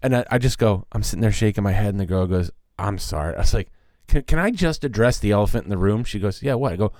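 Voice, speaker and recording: A man's voice: lowish voice, lively intonation, quick pace, a little mellow, no room sound, studio quality. A middle-aged man co-hosting a podcast, telling a story in a casual, profane way and acting out the people he quotes. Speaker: podcast co-host.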